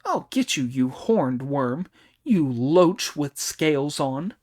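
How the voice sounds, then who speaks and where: A man voicing a brash, hot-tempered immortal monkey hero who shouts taunts in a raised voice. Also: wildly swooping pitch, moderate pace, heavily acted. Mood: furious. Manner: shouting taunts, loud and high.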